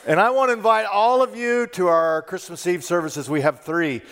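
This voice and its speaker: Pastor guy giving a sermon, talks high, chatty with the congregation, echoey sanctuary. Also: fairly even intonation, normal speed, a bit bright. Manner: conversational, storytelling with asides to the congregation. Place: church sanctuary.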